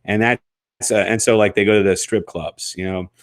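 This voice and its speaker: A man co-hosting a podcast, explaining at length with many fillers and restarts, his voice rough from sickness. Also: on the low side, steady tone, moderate pace, dry recording, studio quality. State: sick, rough voice. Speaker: co-host. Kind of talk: casual podcast chat.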